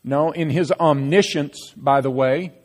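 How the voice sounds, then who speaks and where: A man preaching a sermon as pastor, emphatic and animated, acting out quoted lines. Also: on the high side, measured pace. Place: church sanctuary. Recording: long reverb of a church hall.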